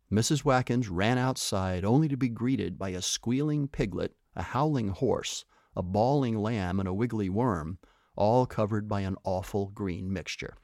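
A man reading aloud a children's story as the storyteller, in an animated storytelling manner. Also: fairly low pitch, a little slow, no echo, studio quality.

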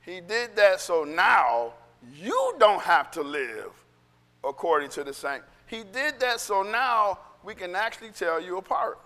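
A male pastor preaching a sermon in an animated, conversational way that swings into shouting. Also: sits high, a little slow, long reverb tail.

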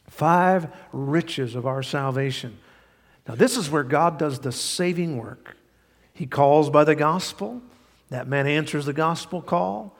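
A man preaching a sermon as pastor, conversational and emphatic, his voice swelling on key words. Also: on the high side. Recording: long hall reverb.

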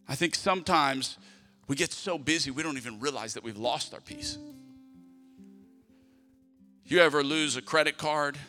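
A middle-aged male pastor preaching a conversational sermon, acting out prayers and family moments as he talks. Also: medium pitch. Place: church sanctuary. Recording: long hall reverb with soft music.

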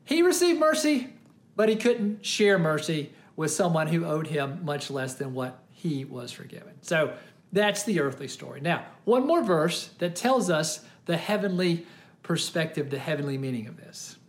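Animated preacher retelling a parable. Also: medium pitch, moderate pace. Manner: animated storytelling, often exclaiming. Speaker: pastor. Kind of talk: sermon.

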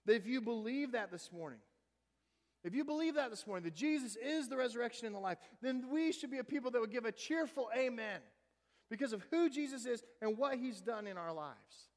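A man's voice: very high-pitched, expressive, brisk. A man preaching a sermon and reading scripture aloud, building in intensity. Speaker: pastor. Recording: long reverb of a big room, faint music.

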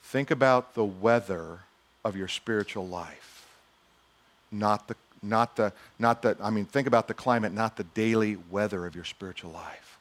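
A man's voice: lowish voice, moderate pace. A male pastor preaching a sermon in a conversational style, with humorous asides and acted-out quotes.

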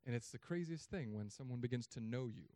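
A man in his thirties preaching a sermon as pastor, telling stories in an animated way with sudden loud, high bursts. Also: fairly quick, dry recording.

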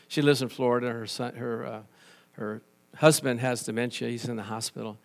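A man preaching a sermon as pastor, animated and conversational, telling stories and restarting phrases. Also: mid-range voice, brisk, gravelly.

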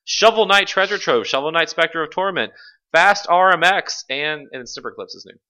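A man's voice: on the high side, lively intonation, normal speed, pushed and bright. A man hosting a casual games podcast, talking loosely, swearing and laughing often. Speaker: podcast host. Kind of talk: casual chat.

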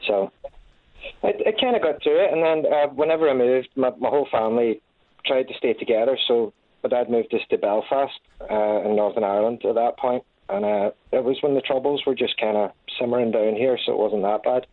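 A Scottish man in his thirties, a guest in a casual interview, talking haltingly with many restarts. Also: medium pitch, no echo. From Scotland. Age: 30s. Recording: tinny phone-like line.

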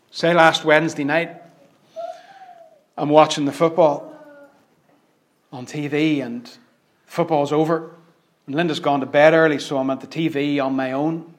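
Man, preacher, sermon, slightly high voice, loud emphatic peaks, hushed near-whispered asides.

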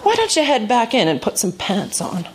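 A woman's voice: on the high side, huge pitch swings, normal speed, very noisy, voice pushed up. A woman voicing a regal older grandmother who speaks in a dry, matter-of-fact way.

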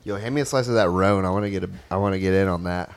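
Man, lowish voice, casual chat, teasing, profane. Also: rapid-fire. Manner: teasing, profane, loose and talkative. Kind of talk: casual pizza-review chat with friends.

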